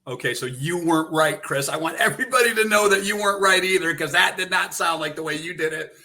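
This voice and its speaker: Joking guy co-hosting, bright kinda high voice, stammers a bit. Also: quick pace. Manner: playful, teasing, stammers on restarts. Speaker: event co-host. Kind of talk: joking banter.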